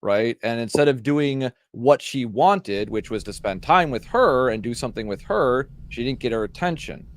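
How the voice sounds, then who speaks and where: A man's voice: medium pitch, expressive, moderate pace, few pauses. A man on a podcast panel explaining his view in a casual discussion, checking in with "right?" as he goes. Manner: explanatory, tags points with "right?".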